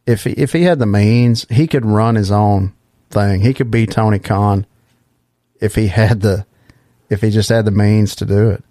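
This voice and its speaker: Host, man, low voice, relaxed hesitant chat, dry mic. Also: normal speed, dry recording. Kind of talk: casual chat.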